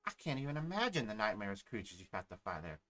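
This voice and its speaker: A man's voice: fairly low pitch, sing-song, fast talker, bright, forceful tone. A man casually commenting while playing a game, offhand and self-mocking. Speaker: game player. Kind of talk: casual let's-play commentary.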